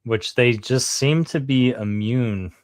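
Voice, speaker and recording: A man's voice: medium pitch, takes it slowly, no echo. Slangy man rambling about basketball. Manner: slangy, swears, says "bro" and "man", rambling restarts. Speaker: podcast co-host. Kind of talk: casual sports chat.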